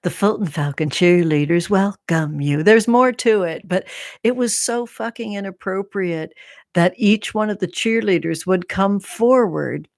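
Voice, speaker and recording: A woman hosting a casual live stream, chatting playfully with viewers and slipping into soft whispers and remembered cheers. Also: medium pitch, a little slow, dry recording, studio quality. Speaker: tarot content creator, live stream host.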